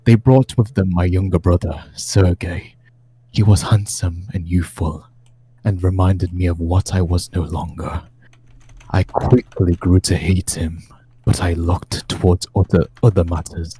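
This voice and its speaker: A man's voice: sits low, steady tone, unhurried, dark tone, a little hiss or hum. A man reading aloud as an ancient, brooding male vampire lord, giving a solemn first-person diary account in a tabletop game.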